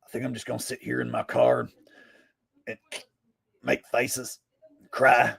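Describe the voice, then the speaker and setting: A man impersonating a defeated, tearful male talk-show host in a soft, whimpering, mopey voice. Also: medium pitch, monotone, measured pace, vocal fry, husky, exaggerated voice.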